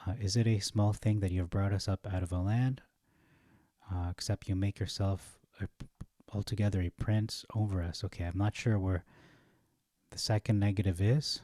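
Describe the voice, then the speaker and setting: A man reading Bible verses aloud and commenting on them, thinking aloud, correcting himself and pausing on fillers. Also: deep voice, flat delivery, dark tone, no room sound, clean studio sound. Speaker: Bible study teacher.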